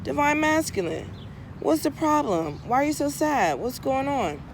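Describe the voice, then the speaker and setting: A woman's voice: high voice, very animated, noisy background, voice pushed up. A woman playing a reassuring spirit ghost. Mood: concerned. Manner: soothing, then hurried planning.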